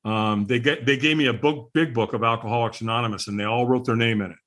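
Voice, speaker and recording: A man's voice: mid-range voice, steady tone, quick pace, fairly bright tone. A middle-aged man, a podcast guest, candidly telling his personal story in conversation, earnest and chuckling now and then.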